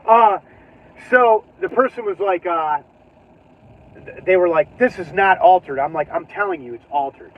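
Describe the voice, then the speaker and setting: A man with a voice that sits high chats casually from his car for his own channel's driving vlog, at a moderate pace. He rambles, laughs often, and trails off mid-sentence, and the audio sounds tinny and phone-like.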